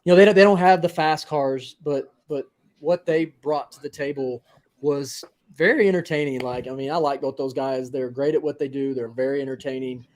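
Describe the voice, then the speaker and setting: A man's voice: mid-range voice, normal speed, a little mellow. A man speaking as a guest racer in a casual interview, easygoing and full of "you know.". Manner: easygoing, repeats himself, says "you know" a lot.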